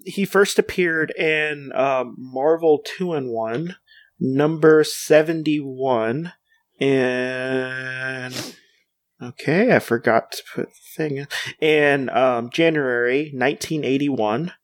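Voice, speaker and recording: A man's voice: mid-range voice, slow pace, no echo. A man co-hosting a podcast in casual chat, rambling with lots of fillers and restarts. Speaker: podcast co-host.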